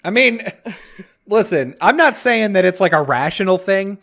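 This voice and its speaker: A man's voice: high-pitched, lively intonation, measured pace, a bit bright. A young man co-hosting a podcast, telling stories in casual chat and working himself into mock-outraged rants. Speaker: podcast co-host.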